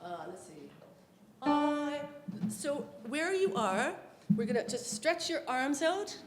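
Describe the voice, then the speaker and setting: Woman leading a group vocal warm-up. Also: high voice, sing-song, slow pace, faint music behind. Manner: encouraging, playful, sings the exercises. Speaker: guest musician leading vocal warm-ups. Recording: echoey hall with loud instrument.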